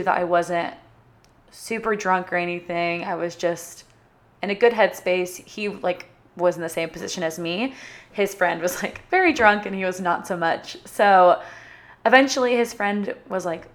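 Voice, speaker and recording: Young adult woman vlogger, chatty and bubbly, mid pitch, casual storytime delivery. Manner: chatty, bubbly, filler-heavy with frequent "like".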